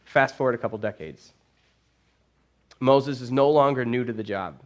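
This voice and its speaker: Animated male pastor telling a story. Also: medium pitch, moderate pace. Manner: animated storytelling, casual phrasing. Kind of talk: sermon. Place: church.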